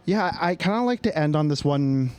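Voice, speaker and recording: A man's voice: a little high, animated, normal speed, darkish tone, clear, resonant tone. Easygoing male podcast host. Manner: easygoing, affirming, uses 'like' and 'um'. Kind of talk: casual podcast interview.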